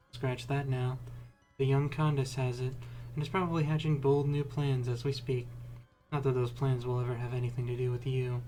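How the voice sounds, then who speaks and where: A man's voice: mid-range voice, darkish tone, poor audio. A man on a group call, reading a web comic aloud as narrator between casual joking and swearing. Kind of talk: casual chat and dramatic read-aloud narration. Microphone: call headset or desk mic.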